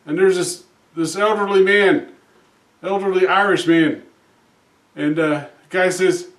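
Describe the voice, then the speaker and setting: A man telling jokes in a casual, folksy way, with lots of "uh" fillers, acting out characters in higher voices. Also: normal speed, a bit bright. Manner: folksy, frequent "uh" fillers, acts out characters with raised pitch. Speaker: joke teller. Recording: roomy echo, distant from mic.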